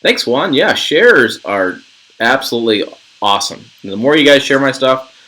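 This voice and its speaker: A man's voice: mid-range voice, very animated, normal speed, pushed and bright, low-quality recording. A middle-aged man from Western Nebraska hosting a casual livestream, chatting in a rambling, jokey way and reading viewer comments. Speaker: channel host.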